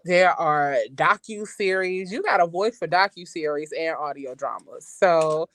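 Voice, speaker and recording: Loud, high-energy woman chatting. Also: unhurried, dry recording, studio quality. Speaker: podcast guest. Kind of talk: casual chat.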